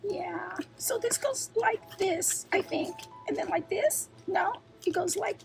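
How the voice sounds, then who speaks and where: A woman's voice: very high voice, slow pace, vocal fry, darkish tone, faint music behind. A woman hosting a craft channel, chatting through an unboxing, gushing and exclaiming often and wandering off on tangents. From New York. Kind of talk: unboxing vlog chat.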